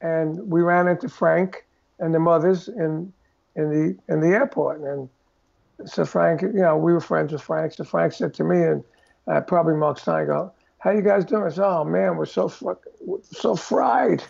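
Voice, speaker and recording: In a casual storytelling interview, an older drummer with a very gravelly voice, high for a man, speaks at a normal speed. He throws himself into his tales and acts out the voices of the people in them. The recording sounds dull and muffled.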